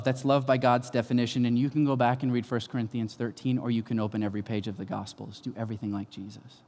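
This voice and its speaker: A man's voice: mid-range voice, flat delivery, fast talker, hardly any pauses, darkish tone. A man preaching a sermon as pastor, in an emphatic, conversational way. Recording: long hall reverb.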